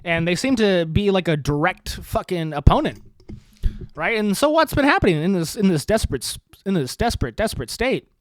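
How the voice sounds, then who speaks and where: A man's voice: high-pitched, sing-song, brisk, dry recording, clean studio sound. A man hosting a podcast, rambling with sarcasm, swearing freely and laughing at his own jokes. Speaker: podcast host. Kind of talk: casual profane commentary.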